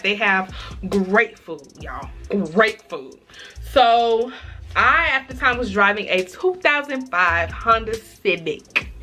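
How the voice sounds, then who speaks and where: A young woman chatting through a casual storytime vlog, dramatic and expressive, often calling her viewers y'all. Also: a little high. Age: young adult. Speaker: vlogger.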